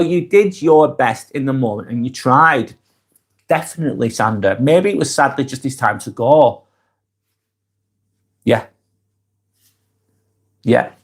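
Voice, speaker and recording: A man hosting a live vlog, reading comments aloud and answering them bluntly, often swearing, then softening to reassure. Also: medium pitch. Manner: blunt, sweary, swings between brusque and reassuring. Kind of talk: casual live vlog chat.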